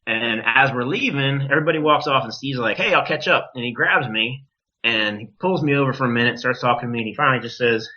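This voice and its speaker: A man with a bright, forceful voice tells a story in a casual, animated way, cursing freely and mimicking others. The podcast audio is dull and lo-fi. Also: mid-range voice, fast talker. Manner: animated, profane, acts out quoted voices. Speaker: wrestler, podcast guest.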